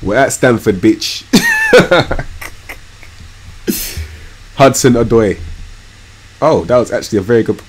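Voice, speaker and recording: A young man giving live commentary on a football management game, swinging from low muttering to loud yelling and swearing often. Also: normal speed, husky. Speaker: streamer.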